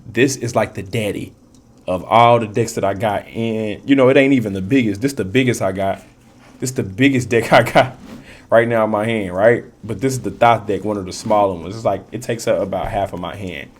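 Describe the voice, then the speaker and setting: A man with a lowish, brisk voice gives a casual tarot reading. He rambles and repeats himself, talking in loose, profane street slang and laughing often.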